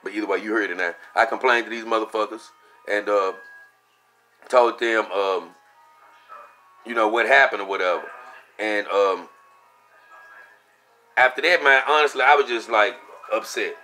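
A young man casually telling a story for his vlog, animated and profane, acting out what he said at the time. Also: on the low side, moderate pace, long pauses, faint music behind. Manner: animated, profane, acts out his own quotes. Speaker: vlogger.

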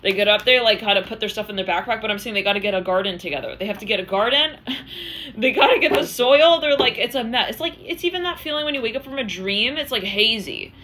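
A woman's voice: a little high, expressive, fast talker, bright, forceful tone, slight background noise. A woman giving a channeled tarot reading, rambling in a stream-of-consciousness way and acting out the voices she quotes. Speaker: tarot reader.

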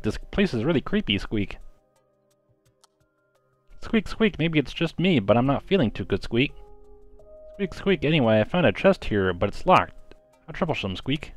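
A man voicing a friendly, polite little hedgehog in a game, ending his lines with a squeak. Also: close to an everyday voice.

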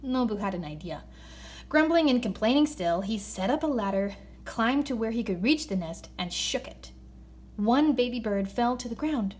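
A woman reading a children's story aloud in an expressive voice, slowing down for emphasis. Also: a little high. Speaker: narrator.

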